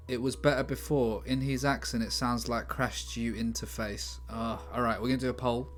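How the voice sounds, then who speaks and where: A man talks through his writing ideas live, weighing options out loud and answering viewers as he goes. His voice sits at a plain middle pitch. Faint music plays in the background. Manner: thinking aloud, trying out lines, answering chat. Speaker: livestream writer. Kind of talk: casual livestream brainstorming.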